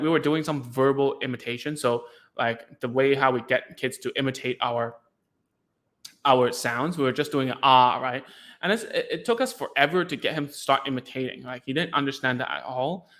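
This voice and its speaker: A young man talks in a relaxed, rambling way, leaning on "like" between thoughts. His voice is bright and forward, sitting at an ordinary middle pitch for a man. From Hong Kong. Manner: chatty, heavy use of "like", acts out sounds and reactions. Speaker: podcast host, former ABA therapist. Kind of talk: casual explanatory talk.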